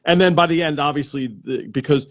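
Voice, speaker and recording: A male host in a casual live interview, heard over a video call. His voice sits a little high for a man. He rambles, repeats himself and restarts sentences as he works toward his point. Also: brisk.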